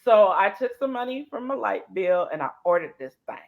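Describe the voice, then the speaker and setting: A woman with a gravelly, fry-edged voice recounts a personal story on an interview show. She talks animatedly and acts out the dialogue of the people in it. Her pitch sits in the middle range. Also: expressive, a little fast, phone-quality sound. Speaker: guest. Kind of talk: emotional storytelling.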